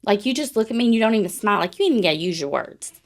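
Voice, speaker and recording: A woman's voice: medium pitch, expressive, rapid-fire. A woman, co-hosting a podcast in casual, blunt, profane chat. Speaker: podcast co-host.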